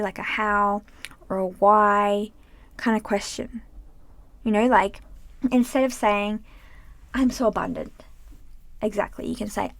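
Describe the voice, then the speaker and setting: A young woman coaching on self-help in a casual, animated way, swearing now and then and acting out the voices in her head, talking from inside a closet full of clothes. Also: medium pitch, no room sound. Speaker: healing coach.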